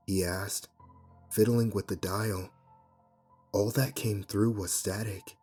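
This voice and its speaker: A man reading a first-person horror story aloud in a measured storytelling manner. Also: sits low, steady tone, a little mellow, slightly rough. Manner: measured storytelling with voiced dialogue. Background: faint music.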